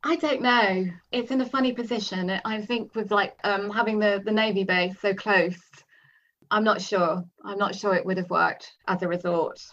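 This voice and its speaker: A woman's voice: medium pitch, fairly even intonation, normal speed, fairly bright tone, dull audio. A woman novelist chatting as a guest, tentative and repeating herself as she thinks aloud. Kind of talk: casual interview chat.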